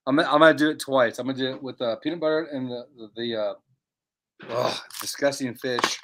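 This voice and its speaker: A man's voice: medium pitch, brisk, a bit bright. A man hosting a casual livestream, rambling and repeating words as he talks. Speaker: livestream host.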